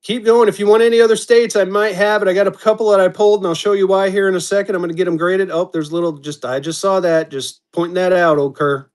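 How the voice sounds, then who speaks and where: A man's voice: high-pitched, steady tone, fast, few pauses, a little mellow. A man hosting a live-stream auction, chatting casually and calling out bidders as they come in. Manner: upbeat, chatty, calls out bidders.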